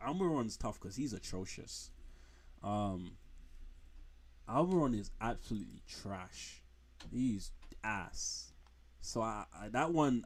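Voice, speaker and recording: A man's voice: mid-range voice, a little mellow. Male streamer, mid-range voice, loose rambling slangy chat from home. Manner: rambling, frank, trash-talking with slang. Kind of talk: casual live-stream commentary.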